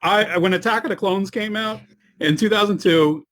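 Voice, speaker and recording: Podcast guest: chatty excitable man, slightly high pitch, rambling and laughing. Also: normal speed, dry recording. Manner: excitable, laughs often, many "like" fillers. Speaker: guest filmmaker. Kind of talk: casual podcast chat.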